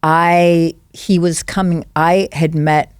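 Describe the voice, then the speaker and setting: A woman guest on a podcast telling rambling, lively anecdotes and acting out the voices of the people she quotes. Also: lowish voice, slow, smooth, dry recording, studio quality. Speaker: guest, actress. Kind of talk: casual chat, anecdotal storytelling. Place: podcast studio.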